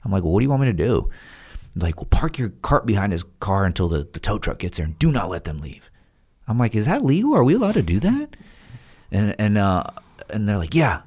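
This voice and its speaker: Low-pitched and brisk, this man is a podcast guest and former Navy SEAL spinning a story in relaxed chat. He performs the dialogue of the other people involved with lively energy and laughter.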